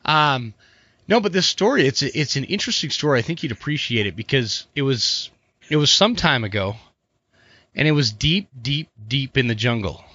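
A middle-aged man hosting a podcast, telling a joke in an animated, stammering way. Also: mid-range voice, moderate pace, slightly rough, dry recording. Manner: animated joke-teller, stammers and repeats words. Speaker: podcast host. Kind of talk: casual chat, storytelling. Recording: dull, muffled podcast audio.

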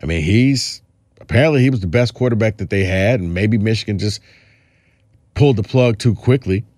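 A man's voice: fairly low pitch, brisk, a little mellow, no room sound, studio quality. A man hosting a sports podcast, chatting casually and rambling through his points with frequent restarts. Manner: rambling, restarts, quotes others in a put-on drawl. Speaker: podcast host.

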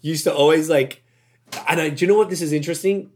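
A man's voice: a little high, fast, slight background noise. A young man hosting a casual chat, rambling, swearing freely and laughing often. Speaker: podcast host.

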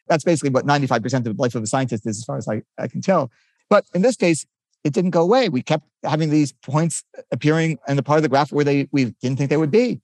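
A man's voice: on the high side, darkish tone, no room sound, clean studio sound. An older man, a physicist guest, explaining his research eagerly in a conversational interview, often restarting his sentences.

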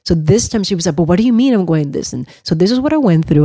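A woman co-hosting a casual family podcast, telling animated stories and acting out her family's lines. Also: on the low side, fast talker, no echo. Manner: animated storyteller, acts out family members' lines. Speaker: podcast co-host.

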